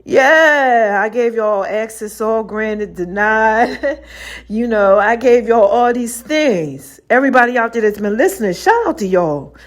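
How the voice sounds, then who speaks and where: A woman hosting her own podcast, talking through her faith in an animated, slang-heavy way and often laughing. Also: a little high, a little slow. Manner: conversational slang-heavy delivery, addresses listeners directly. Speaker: podcast host. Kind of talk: casual faith talk monologue.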